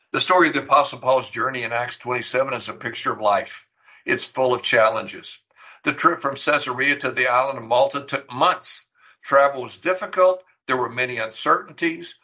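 Man, middle-aged, pastor, sermon, bright forceful tone, earnest teaching. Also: mid-range voice, rough recording. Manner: earnest, emphatic teaching with rhetorical questions.

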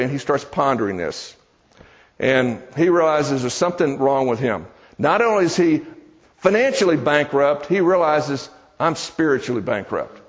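A man preaching a sermon in a church, telling a story in a folksy, conversational way, with joking asides to the congregation. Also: medium pitch. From American South. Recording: dull sound with long hall reverb.

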